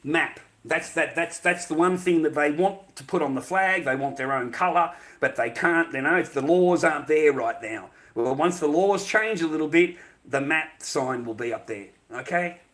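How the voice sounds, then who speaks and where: A man's voice: on the high side, moderate pace, fairly bright tone. Angry, swearing Australian man on a livestream. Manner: angry, profane, combative, addressing viewers directly. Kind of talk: livestream rant to chat.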